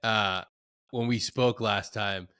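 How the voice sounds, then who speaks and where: Host, man, easygoing and casual, slightly low pitch, dry studio mic. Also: slow, clear, resonant tone, no room sound. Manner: relaxed, laid-back, says "dude" and "my man". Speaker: podcast host. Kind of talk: casual conversation.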